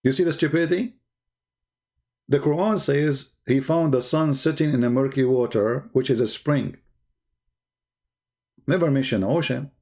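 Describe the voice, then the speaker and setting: A man's voice: medium pitch, a little mellow. A man with giving mocking, sarcastic commentary on video clips. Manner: sarcastic, repeats words for effect, non-native phrasing.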